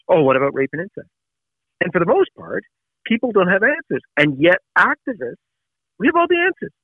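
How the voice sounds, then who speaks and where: A man's voice: fairly high pitch, creaky, no room sound. A man from Canada, a guest who founded a news site, talking earnestly in a casual interview with many restarts. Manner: earnest, with frequent restarts and fillers. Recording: tinny phone-like line.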